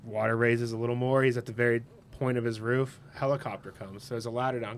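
A man's voice: mid-range voice, steady tone, fairly quick, few pauses, slight background noise. A man on a casual podcast giving blunt opinions and telling a joke with little voices. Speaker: podcast co-host. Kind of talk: casual chat.

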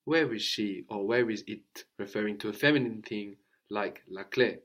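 A man teaching French to a student, explaining slowly and repeating phrases for her to copy. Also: lowish voice, a bit bright. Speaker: language teacher.

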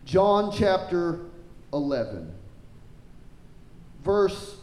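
A man's voice: extremely slow, roomy sound, poor audio. A man preaching a sermon, reading scripture aloud and stopping to ask the listeners whether they understand. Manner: animated, rising pitch when quoting scripture; asks the congregation questions.

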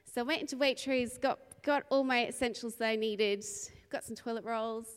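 A woman from Australia, a preacher, opening a sermon with a lively, rambling personal story and frequent laughter. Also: a little high, normal speed, smooth. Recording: long reverb in a large hall.

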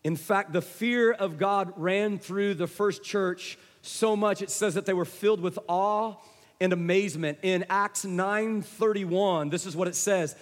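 Preacher, man, very high voice, chatty storyteller, big reverberant sanctuary. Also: measured pace. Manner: conversational storytelling, addresses congregation. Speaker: pastor. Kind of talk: sermon. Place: church sanctuary. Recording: long hall reverb.

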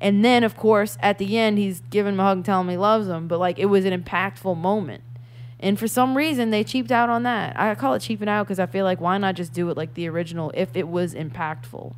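A woman chatting casually about a movie, animated and swearing a lot as she acts out scenes. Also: medium pitch, brisk, a little hiss or hum. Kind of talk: casual chat, movie review.

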